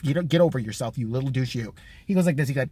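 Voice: medium pitch, lively intonation, dark tone, husky, no echo. A vlogger delivering a crude, mocking, profane comedic rant. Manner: crude, mocking, fast-talking.

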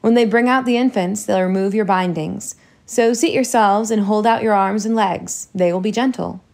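Spirited young heroine, lively and teasing, slight fry read by a woman. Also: medium pitch, normal speed, close to an everyday voice. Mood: coaxing. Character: spirited, witty teenage girl heroine.

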